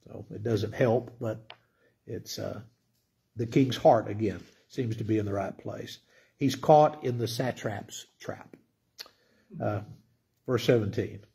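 A man's voice: lowish voice, slow pace, creaky, long pauses, warm tone, breathy edge. A middle-aged man giving a conversational Bible teaching sermon, often asking his listeners questions. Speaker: pastor.

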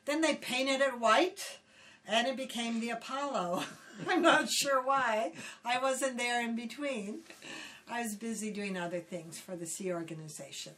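A woman's voice: fairly high pitch, measured pace, a little hiss or hum. Older woman from Hawaii telling stories. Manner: animated, acts out quotes loudly, laughs often. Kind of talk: casual storytelling. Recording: voice somewhat distant from the mic.

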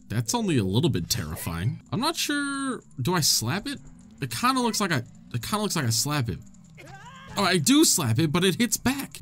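A man giving joking, excitable gameplay commentary, often swearing and talking to the game characters. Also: fairly high pitch. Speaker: gaming channel host.

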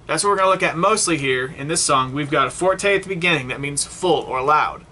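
A man's voice: on the high side, brisk, bright, forceful tone, a little hiss or hum. A man teaching a saxophone lesson, explaining step by step and often checking in with "okay?" and "right?". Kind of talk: online music lesson.

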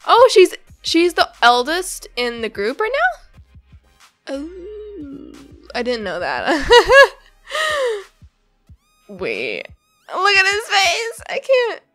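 A woman's voice: very high-pitched, wildly swooping pitch, very slow, long pauses, a bit bright, faint music behind. Bubbly, giggly woman reading a comic. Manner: rambling with many fillers. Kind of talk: comic reading with casual reactions.

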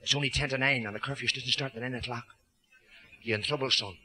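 An Irish comic doing a stern army sergeant. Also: male voice, medium pitch, steady tone, quick pace, pushed and bright. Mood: scolding.

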